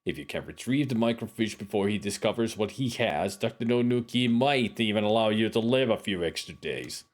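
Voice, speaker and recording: Man reading a dorky hapless guy, indignant, blustering, lively ups and downs, adventure game dialogue. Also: lowish voice, a little fast, close to an everyday voice.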